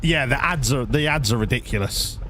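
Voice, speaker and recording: A man's voice: mid-range voice, normal speed, sharp tone, slight background noise. A man chatting casually while streaming a driving game, rambling and swearing freely. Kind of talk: casual live-stream chat.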